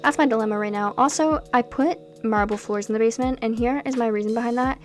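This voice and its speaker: Young woman, casual gameplay voice-over, slightly high, rambling and animated, faint music under. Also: fast. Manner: chatty, rambling, animated asides. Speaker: Sims gameplay creator.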